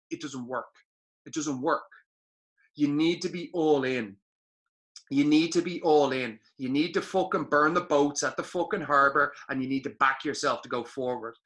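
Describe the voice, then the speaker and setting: Brief: young adult man, podcast co-host, swears constantly, hammers points home by repeating them; bright, slightly high voice. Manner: blunt, heavy swearing, emphatic repetition. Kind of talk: motivational podcast talk.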